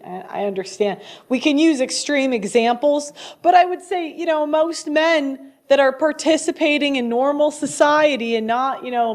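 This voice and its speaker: Blunt high-voiced woman commentator. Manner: blunt, laughs often, restarts sentences. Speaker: host. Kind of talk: opinionated casual commentary.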